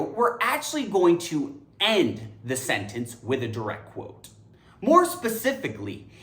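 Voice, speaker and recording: Upbeat woman teaching grammar, lively pitch. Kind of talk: educational explainer. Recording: echoey room.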